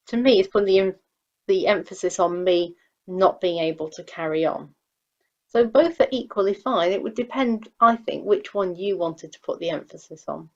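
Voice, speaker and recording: In a muffled recording, a woman who teaches English walks through sentence structure in a grammar lesson, reading out example sentences with patience. Her voice is on the low side and her pace is normal.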